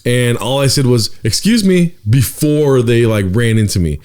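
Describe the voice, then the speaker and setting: A man's voice: mid-range voice, normal speed, darkish tone, smooth. Young man joking and teasing casually. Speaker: podcast co-host. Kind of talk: casual chat.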